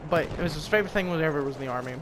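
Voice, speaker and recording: A young American gamer rambles through profane commentary, jumping topics and tossing in asides, amid game music, gunfire, and background noise. His voice is a little high and racing.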